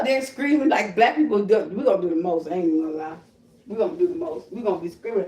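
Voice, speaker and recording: A woman ranting on a live stream, loud and confrontational, telling stories and breaking into shrieking imitations. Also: medium pitch, quick pace. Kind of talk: blunt profane live-stream rant. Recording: roomy echo, voice a bit far from the mic.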